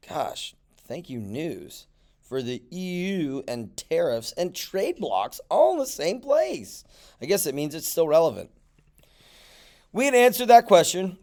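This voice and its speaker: A man's voice: on the high side, a little mellow, clear, resonant tone. A male teacher going over guided notes in a recorded classroom lesson, talking animatedly with mock-surprised asides. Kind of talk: classroom lecture video.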